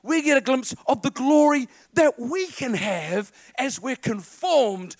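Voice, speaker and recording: A man preaching a lively sermon to a congregation, quoting film lines and getting the crowd to repeat after him. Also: very high voice, measured pace, dry recording. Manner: animated, quotes film lines and calls on the congregation.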